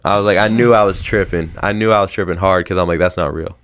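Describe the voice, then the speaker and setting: A man's voice: low voice, steady tone, fast talker, fairly bright tone, clean tone. A young man casually telling a rambling story on a podcast, slangy and swearing often. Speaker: podcast host.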